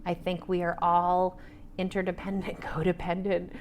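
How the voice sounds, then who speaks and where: A woman's voice: lowish voice, completely flat delivery, normal speed, a little mellow, a little hiss or hum. A woman in her forties, an author and trauma therapist, talking animatedly on a panel and dropping to whispers for asides. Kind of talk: casual panel conversation.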